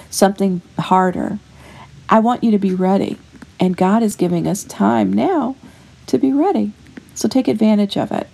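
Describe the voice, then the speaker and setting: Brief: devotional podcast host, a woman in her fifties, earnest and homey, gravelly middle-pitched voice. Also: dark tone. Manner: earnest and homey, with frequent fillers and restarts. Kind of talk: casual faith encouragement talk.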